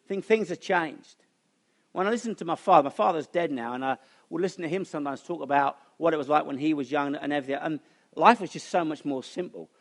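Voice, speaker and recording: A man's voice: a little high, fast talker, creaky. A middle-aged man giving a chatty, humorous talk to a church audience, telling stories in a self-deprecating way. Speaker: conference speaker. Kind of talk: humorous sermon-style talk.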